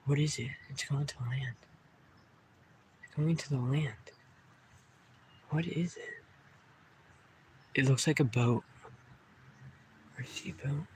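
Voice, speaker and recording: A man's voice: medium pitch, slow, pauses often, a little hiss or hum. A young man vlogging a live stream outdoors in the woods by the water, talking casually, swearing a lot and startled by sounds.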